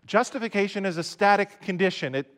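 A pastor with a high, fairly bright voice preaches quickly in a casual, conversational style for online viewers at home. He frequently repeats words as he restarts his sentences.

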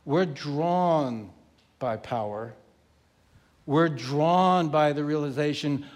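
Male pastor, emphatic and animated sermon delivery, high voice, deliberate pace. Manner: animated, emphatic, acts out the story.

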